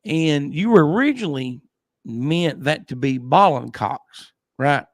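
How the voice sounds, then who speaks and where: A man's voice: on the high side, lively intonation, unhurried, no echo. A man hosting a casual livestream chat, telling rambling stories and laughing often. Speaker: podcast host.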